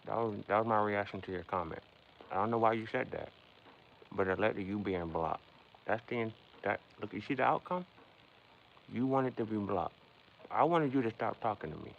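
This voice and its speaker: A man's voice: on the low side, lively intonation, normal speed, gravelly. A man hosting a casual livestream, rambling and philosophizing as he talks straight to his chat. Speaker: livestream host. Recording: dull lo-fi sound with faint background noise.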